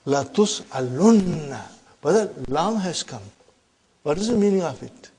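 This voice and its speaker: A man lectures on Arabic grammar to a class, with a voice sitting a little high for a man. He talks with emphasis, keeps tossing "huh?" at the room to check everyone is following, and rattles off quick recitations between his explanations. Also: animated, a little mellow, slightly rough. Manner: recites Quranic verses fast in Arabic. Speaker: Arabic teacher.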